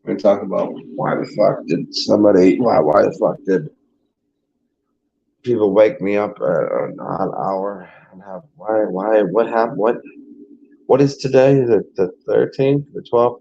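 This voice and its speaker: In a dull lo-fi recording, a spiritual vlogger rambles and swears through a casual monologue, frequently restarting sentences. His voice is fairly low, creaky, mellow and husky, at normal speed.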